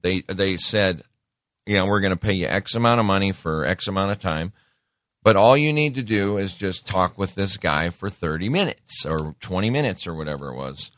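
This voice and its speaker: A man's voice: low voice, lively intonation, moderate pace, a bit bright, no echo, clean studio sound. A man giving a casual, conversational sermon, folksy, with many fillers and asides.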